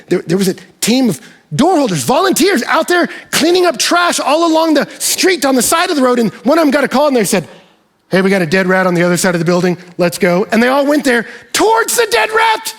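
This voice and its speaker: A pastor preaching a sermon to his congregation, his husky voice swinging between high, shouted peaks and quiet, low asides. He sits fairly high for a man and keeps his delivery animated and lively throughout. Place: church service in a hall.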